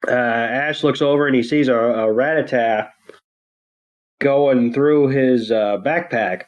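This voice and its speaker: A man's voice: mid-range voice, takes it slowly, dull audio. A man co-hosting a podcast, recapping a cartoon in a loose, rambling way full of ums and crude jokes. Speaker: podcast co-host. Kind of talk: casual episode recap.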